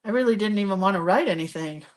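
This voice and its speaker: A woman's voice: medium pitch, fast, a little mellow. A middle-aged woman hosting a live crafting video, chatting casually as she shows her pages and reads viewer comments aloud.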